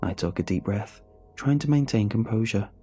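A man narrating a horror story in first person, with steady, measured storytelling. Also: fairly low pitch, slightly rough, soft background music.

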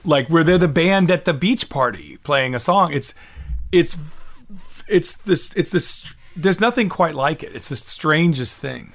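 A man's voice: a little high, expressive, unhurried, a bit bright. A middle-aged man musician from the United States, talking in a rambling, self-deprecating way with many restarts. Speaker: musician guest. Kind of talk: conversational interview.

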